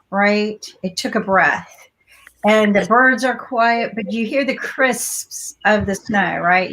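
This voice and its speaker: A woman's voice: on the high side, fairly bright tone, poor audio. A woman co-hosting an online panel, upbeat and reflective, often checking in with "right?". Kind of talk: casual panel chat. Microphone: video call.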